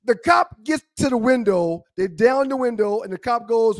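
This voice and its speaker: Male co-host storyteller, very high voice, lively, dry close mic. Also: normal speed, few pauses, no room sound. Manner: animated storyteller, acts out other people's voices. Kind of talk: casual storytelling on a talk show.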